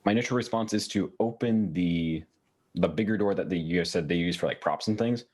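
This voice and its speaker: Lowish voice guy planning his move in a tabletop game, talks quick. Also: a little mellow. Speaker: player. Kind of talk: tabletop role-play.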